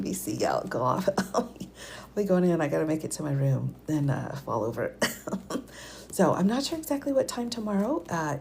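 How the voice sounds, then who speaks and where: A woman attorney hosting a late-night livestream, chatting with viewers in a hushed voice with quiet chuckles, speaking from home. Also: low voice, creaky, a little hiss or hum.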